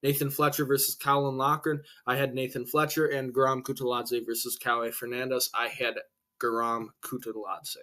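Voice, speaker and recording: A young man hosting a casual solo reaction to fight results, excitable and full of slang and swearing, a bit out of breath. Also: on the high side, normal speed. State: breathing heavily. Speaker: MMA reaction host.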